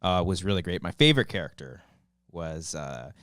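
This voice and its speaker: A man's voice: sits low, animated, moderate pace, a bit bright, no room sound, clean studio sound. Rambling man chatting about a film. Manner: rambling, many fillers and restarts, swears freely. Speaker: podcast co-host. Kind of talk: casual film discussion.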